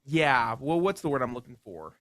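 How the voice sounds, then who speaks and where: A man's voice: medium pitch, very animated, normal speed, a bit bright, slight background noise. A man co-hosting a radio sports talk show, bringing prepared topics and asking questions with a careful, hedging manner. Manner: prepared, asks questions, hedges with "I think".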